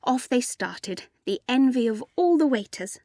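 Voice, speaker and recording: A woman narrating a storybook in an even, gently amused storytelling manner. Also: a little high, measured pace, no echo, studio quality. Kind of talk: storybook reading.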